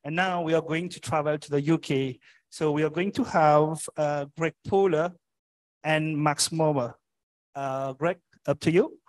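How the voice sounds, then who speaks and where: Guy moderating a panel, slow and stop-start, kinda high voice, lots of ums. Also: steady tone. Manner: halting, many fillers and restarts. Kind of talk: hesitant live event moderating. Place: conference hall.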